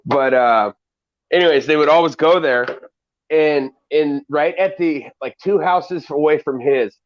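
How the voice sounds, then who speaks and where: A man's voice: medium pitch, highs cut off. Profane guy telling a story. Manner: profane, loose and laughing. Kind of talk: casual storytelling chat.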